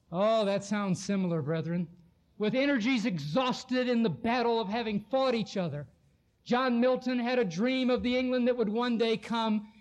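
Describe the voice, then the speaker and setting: A man preaching in a strikingly high voice, full of oratorical fire. He builds his sermon with passion and slows right down on the lines he wants to land, pressing each point home. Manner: impassioned oratorical delivery.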